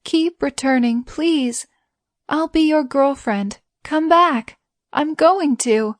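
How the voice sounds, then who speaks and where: A woman voicing a tender young heroine who pleads in a high, emotional voice. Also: slow pace, dry recording, clean studio sound. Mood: pleading.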